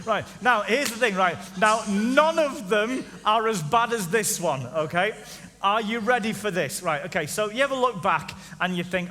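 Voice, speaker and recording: A man's voice: high voice, expressive, normal speed, pushed and bright, a little hiss or hum. A man in his forties preaching a comedic sermon in a church, teasing the crowd and asking it questions. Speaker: pastor. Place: church auditorium. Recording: reverberant church hall.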